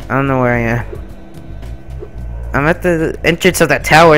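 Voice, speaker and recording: A man's voice: mid-range voice, expressive, measured pace, pauses often, fairly bright tone, faint music behind. A young man giving laid-back, giggly gameplay commentary with swearing and silly asides. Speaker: let's play gamer.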